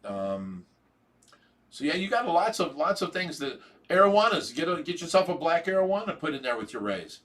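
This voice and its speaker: A man's voice: a little high, sing-song, normal speed, a bit bright. A middle-aged man with an Ohio accent hosting a casual livestream, rambling and chuckling, with many fillers. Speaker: livestream host.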